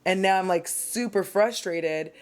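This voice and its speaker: A woman's voice: medium pitch, a little slow. A woman doing a casual get-ready-with-me vlog, talking in a chatty, rambling, candid, self-deprecating way while she does her makeup at home. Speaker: beauty vlogger.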